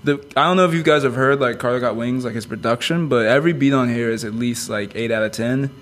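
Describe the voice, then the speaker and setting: A man's voice: mid-range voice, fast, fairly bright tone. A young man co-hosting a casual music review chat, enthusiastic and full of "like" and other fillers. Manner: enthusiastic, filler-heavy, lots of "like". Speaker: co-host.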